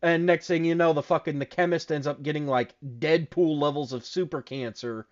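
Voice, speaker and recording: A man co-hosting a casual chat show, telling stories in a profane, animated way. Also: on the high side, fairly quick, highs cut off. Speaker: podcast co-host.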